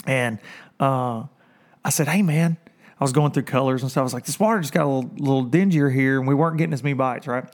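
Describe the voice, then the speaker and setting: A man's voice: mid-range voice, quick pace. A man hosting a casual fishing talk show, telling stories with lots of laughter and putting on voices for the people he quotes. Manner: animated storyteller, laughs often, quotes others in voices. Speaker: podcast host. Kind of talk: casual storytelling chat.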